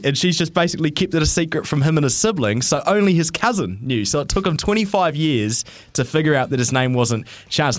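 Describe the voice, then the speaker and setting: A man co-hosting on radio, spinning a chatty anecdote and slipping into the voices of the people he quotes. He has a middle pitch and is recorded dry and close in a studio. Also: expressive, brisk, no room sound. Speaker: radio co-host. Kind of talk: casual storytelling on radio.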